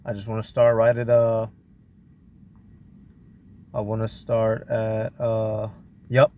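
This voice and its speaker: A man's voice: lowish voice, completely flat delivery, slow, highs cut off. A man hosting a reaction show, commenting on clips in casual slang and drifting into preaching.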